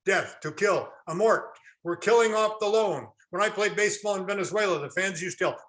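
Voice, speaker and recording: A man's voice: high voice, fast talker, hardly any pauses, fairly bright tone. A man lecturing a classroom, quizzing his audience and answering his own questions with folksy jokes. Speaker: real estate instructor.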